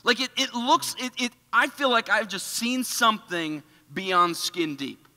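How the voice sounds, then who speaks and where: A man giving a casual, animated storytelling sermon in a church, full of filler words. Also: high-pitched, unhurried, long reverb tail. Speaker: church speaker. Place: church auditorium.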